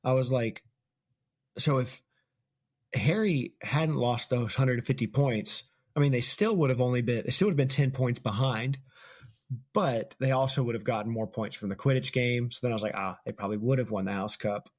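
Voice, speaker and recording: A man chats through a book chapter as a podcast host, retelling scenes in a loose, casual way and laughing often. His voice sits at an ordinary middle pitch. The recording is close and dry. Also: moderate pace, a little mellow, no echo.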